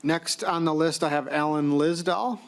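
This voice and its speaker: A man's voice: a little high, fairly even intonation, normal speed. A man chairing a committee hearing who calls the next witnesses in a brief, procedural manner. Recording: faint background noise.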